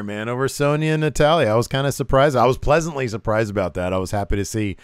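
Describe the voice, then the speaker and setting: A man co-hosting a wrestling podcast, recapping the show in casual chat and jumping into high voices when he quotes the wrestlers. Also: quick pace, hardly any pauses, clear, resonant tone, no room sound, studio quality.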